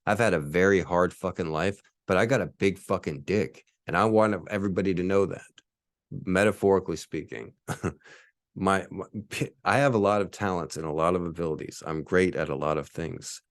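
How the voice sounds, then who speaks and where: Forties guy ranting on his podcast, lowish voice, dead dry mic, cussing and bragging. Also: normal speed, dry recording. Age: 40s. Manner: profane, boastful, combative. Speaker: podcast host.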